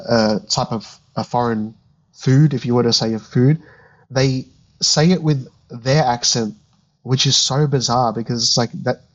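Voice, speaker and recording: A man's voice: mid-range voice, lo-fi sound. A man, co-hosting a podcast and thinking aloud in casual chat. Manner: musing, thinking aloud with restarts. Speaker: podcast co-host.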